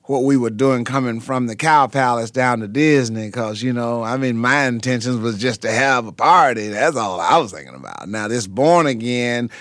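An older man, a pastor, telling his story in an interview with fervent, preacher-like feeling and many halting fillers. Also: mid-range voice, a bit bright, dry recording, studio quality.

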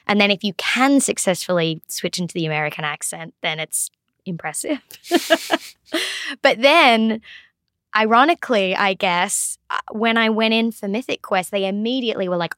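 A woman's voice: mid-range voice, brisk, fairly bright tone, dry recording, clean studio sound. A young Australian actress chatting as an interview guest, laughing often and restarting her sentences. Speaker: actor guest. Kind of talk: casual interview chat.

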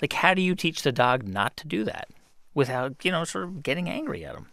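A man's voice: on the high side, very animated, fairly quick, pushed and bright, dry recording. A man hosting a radio show, asking questions in a curious, conversational way. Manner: inquisitive, conversational. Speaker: radio host. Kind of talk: radio interview and narration.

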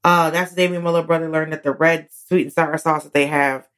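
A woman comedian, a guest in a studio, chatting casually. Her speaking voice sits on the low side, and she tells stories with plenty of animation, jumping up in pitch whenever she acts out a moment. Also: fairly quick. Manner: animated storyteller, swoops high when acting out moments. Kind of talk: casual interview chat.

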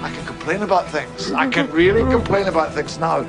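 A man's voice: fairly high pitch, a little fast, close to an everyday voice. Scottish accent, cranky alien Time Lord played by a man, theatrical delivery, drama score underneath. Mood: gleeful. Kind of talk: TV drama acting. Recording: TV drama clip with music behind.

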